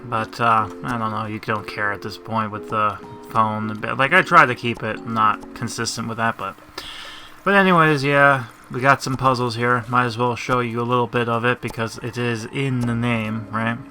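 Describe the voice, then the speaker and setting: A man's voice: medium pitch, fairly even intonation, normal speed, sharp tone, soft background music. A man hosting a casual let's-play, rambling and making sarcastic asides at the game's story. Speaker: gaming channel host.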